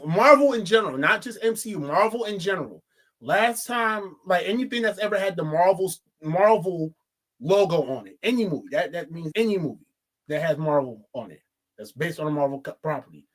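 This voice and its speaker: A woman co-hosting a casual film review chat, talking in an animated, profane way and repeating phrases for emphasis. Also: lowish voice, brisk.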